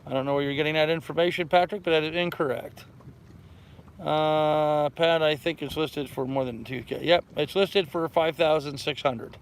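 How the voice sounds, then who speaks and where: A man's voice: on the high side, steady tone, normal speed, clear, resonant tone, poor audio. An older man hosting a casual livestream from his sailboat, rambling along in a folksy way and greeting chat viewers by name. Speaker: channel host. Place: aboard a sailboat on a mooring.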